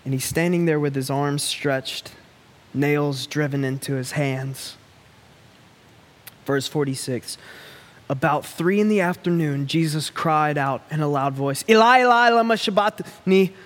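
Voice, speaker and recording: Slow, pleading male preacher in a hall. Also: a little high, fairly even intonation. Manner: earnest, pleading, with long dramatic pauses. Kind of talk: sermon. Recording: long reverb of a large hall.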